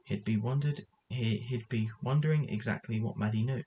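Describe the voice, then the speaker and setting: A man's voice: mid-range voice, moderate pace, mellow, dull audio, a little hiss or hum. A man reading a story aloud as narrator, often stumbling and correcting himself as he goes. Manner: reads with frequent stumbles and self-corrections.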